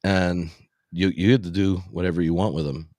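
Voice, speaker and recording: A man hosting a podcast in casual chat, telling animated anecdotes. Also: low voice, moderate pace, no room sound, studio quality. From US South. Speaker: podcast host.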